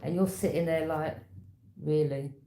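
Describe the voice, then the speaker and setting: A woman's voice: fairly low pitch, unhurried, warm tone, slight background noise. A woman giving a tarot reading in a casual, conversational storytelling manner, knowing and direct. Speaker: tarot reader. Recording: echoey room.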